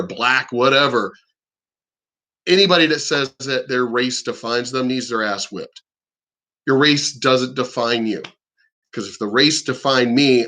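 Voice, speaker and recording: A man's voice: medium pitch, sharp tone. A man from the East Coast ranting bluntly and animatedly on his vlog, cursing freely. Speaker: vlogger. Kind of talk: casual profane rant.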